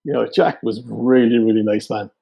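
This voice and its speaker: Husky West Cork man telling old stories. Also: medium pitch, moderate pace. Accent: Irish, West Cork. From Ireland. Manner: relaxed storytelling with fillers. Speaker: guest, photographer. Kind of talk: casual chat. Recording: dull lo-fi sound.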